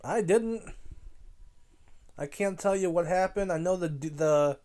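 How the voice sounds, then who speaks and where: A man's voice: high-pitched, slow, warm tone. A man hosting a casual solo podcast, rambling and correcting himself, swearing now and then. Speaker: podcast host.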